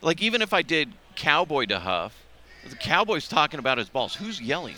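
Male podcast host, very bright tone, loose and profane, casual banter. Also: fairly high pitch, very animated, brisk. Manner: loose, profane, laughs at his own jokes. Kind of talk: casual chat. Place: convention radio row.

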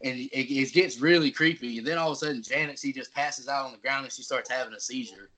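A man's voice: mid-range voice, fast, pushed and bright. Chatty man recapping film scenes. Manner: loose retelling with many fillers and restarts. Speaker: podcast co-host.

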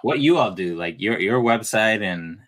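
A man with a New York accent hosting a casual podcast, relaxed and chatty, laughing easily with his guests. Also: lowish voice, moderate pace. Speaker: podcast host.

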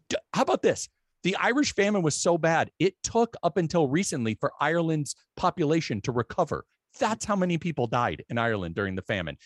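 A man's voice: fairly high pitch, no room sound, studio quality. A man co-hosting a casual film podcast, joking and laughing often. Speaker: podcast co-host.

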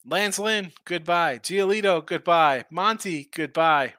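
Guy doing mlb picks, bright kinda high voice, rambly, keeps asking what teams are doing. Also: unhurried, few pauses, no echo. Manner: rambling, opinionated, rhetorical questions. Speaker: sports betting host. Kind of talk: casual sports talk.

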